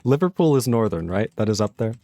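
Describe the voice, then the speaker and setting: A man's voice: on the low side, very animated, quick pace, warm tone, no room sound. A man chatting casually as a guest on a coding stream, joking around and laughing often. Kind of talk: casual live-stream chat.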